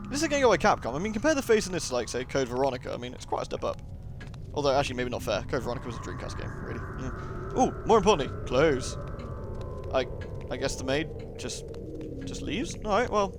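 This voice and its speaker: A man's voice: mid-range voice, big pitch swings, fast talker, noisy background. A young man giving chatty, joking commentary while playing a video game. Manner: joking, chatty, riffing asides. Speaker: let's play host. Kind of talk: casual gaming commentary. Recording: game sound behind the voice.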